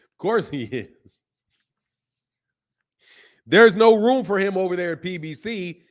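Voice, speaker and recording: Speaking slowly with long pauses, this man has a high-pitched voice. He hosts a boxing channel's live stream, chatting in a relaxed way and reading aloud the names of viewers in the chat, all in an animated, talkative manner.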